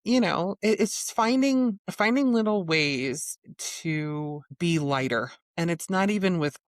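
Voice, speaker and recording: A woman hosting a podcast, talking in a relaxed, reflective casual way. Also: on the low side, slow, dry recording, studio quality. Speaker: podcast host.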